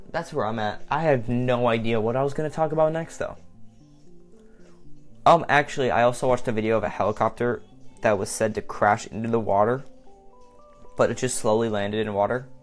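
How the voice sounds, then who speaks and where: A man's voice: mid-range voice, moderate pace, pauses often, faint music behind. Rambling, self-mocking young-sounding man. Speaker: vlogger. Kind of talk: casual solo monologue.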